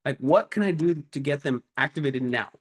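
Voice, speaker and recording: A man giving a casual, energetic motivational talk as a business coach, telling stories with emphatic punches. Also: a little fast. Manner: energetic, animated storyteller with emphatic "boom".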